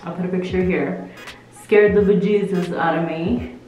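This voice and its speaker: Young female beauty vlogger, fake British accent, loose playful chatter; lowish voice, very echoey room. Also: fairly even intonation, normal speed, dark tone. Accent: put-on British accent. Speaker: makeup vlogger. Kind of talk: casual makeup tutorial chat. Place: at home. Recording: very echoey room with faint music.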